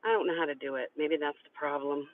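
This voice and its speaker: A woman streams live from a hot city street, telling a story out of breath and chatting as she acts out what other people said. Her voice sits low and narrow with fairly even intonation, she talks fast, and the audio is tinny.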